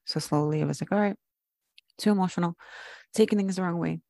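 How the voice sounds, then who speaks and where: A young woman co-hosting a podcast, speaking casually and expressively with loose, unfiltered swearing. Her voice has a gravelly fry to it. The room sounds close and dry. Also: fairly low pitch, steady tone, fast talker, dark tone, no echo. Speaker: podcast co-host.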